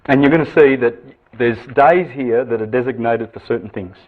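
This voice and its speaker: A man giving an esoteric lecture with visual aids, lively and full of rhetorical questions and repeated phrases. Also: mid-range voice, moderate pace, slight background noise. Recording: tinny phone-like lecture recording.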